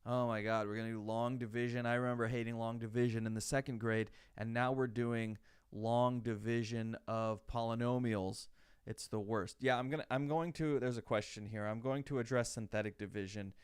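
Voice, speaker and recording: A man's voice: medium pitch, fairly even intonation, moderate pace, clean tone, no room sound, studio quality. A man teaching a college math class in a chatty, digressive way, full of rhetorical questions. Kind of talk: live online lecture.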